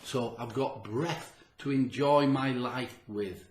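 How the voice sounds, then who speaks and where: A man's voice: medium pitch, slow, slight background noise. Man for a motivational health vlog: earnest and emphatic, repeats himself for effect, slightly out of breath, roomy echo. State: audibly short of breath. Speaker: health vlogger. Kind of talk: motivational talk to camera.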